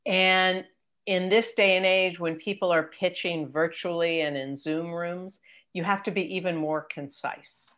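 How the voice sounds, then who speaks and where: An older woman with a fairly low voice gives brisk, emphatic career advice over a dull, lo-fi video call. She is direct and practical. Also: steady tone. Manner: brisk, emphatic, mimics pitch emails. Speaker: career coach and guest expert. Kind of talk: advice in an interview.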